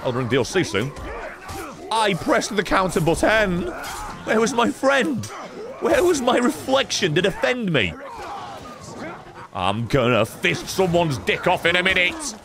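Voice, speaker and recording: A man's voice: high voice, very animated, unhurried, long pauses. A man streaming a game live, commenting sarcastically, talking back to the characters on screen and swearing often.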